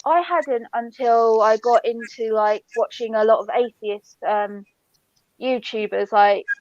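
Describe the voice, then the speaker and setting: A woman's voice: a little high, unhurried, no echo. Chatty woman on a dull call. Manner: swears freely, rambling with fillers. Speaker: panelist. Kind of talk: casual online chat.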